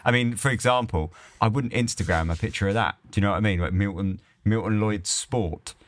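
A man's voice: lowish voice, fast. A man chatting casually as a podcast co-host, rambling and laughing at his own snobbery. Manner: rambling, self-deprecating, laughs often. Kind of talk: casual chat.

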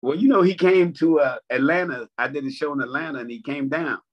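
A man's voice: a little high, a little fast. A male stand-up comedian in casual chat, reminiscing in a laid-back way. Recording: dull lo-fi sound.

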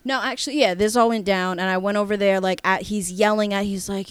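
Brief: woman podcast co-host, smooth voice, dry close mic, rambling and animated as she tells a story. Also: medium pitch, brisk, no echo. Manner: rambling, animated, with many fillers and restarts. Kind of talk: casual storytelling chat.

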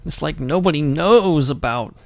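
A man's voice: on the high side, moderate pace, creaky, no echo. A man hosting his own podcast, chatting casually in a rambling, self-deprecating, jokey way. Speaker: podcast host. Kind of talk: casual livestream chat.

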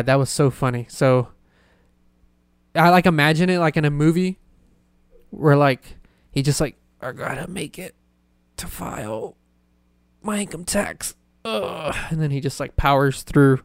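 Rambling young podcast host. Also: male voice, medium pitch, smooth, dry recording, clean studio sound. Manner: rambling, full of "like" fillers and laughter. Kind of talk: casual storytelling chat.

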